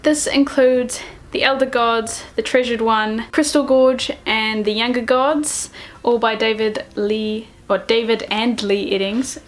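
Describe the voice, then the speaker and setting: A woman, chatting excitedly and self-deprecatingly in a casual book vlog. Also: a little high, moderate pace. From New Zealand. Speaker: book vlogger.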